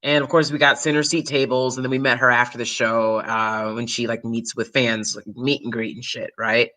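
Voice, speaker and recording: A woman YouTuber and actor chatting casually to her viewers, animated and swearing freely, breaking into loud shrieks and laughs. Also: extremely low pitch, normal speed. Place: New York City.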